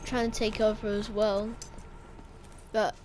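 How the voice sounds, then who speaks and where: A woman's voice: medium pitch, level tone, slow, a little mellow, a little hiss or hum. A woman talking casually about game lore, rambling and correcting herself as she speculates. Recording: game gunfire playing behind.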